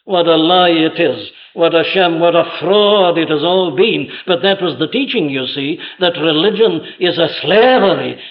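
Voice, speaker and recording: Emphatic preacher on a muffled old tape. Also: male voice, a little high, moderate pace, few pauses. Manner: emphatic, rhetorical questions, vivid retelling. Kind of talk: sermon. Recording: dull lo-fi old sermon tape.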